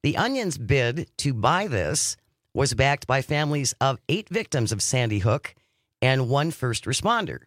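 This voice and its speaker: A man's voice: medium pitch, sing-song, unhurried, fairly bright tone, no room sound, clean studio sound. A man co-hosting a podcast, reading news items aloud and adding his own commentary. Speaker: podcast co-host.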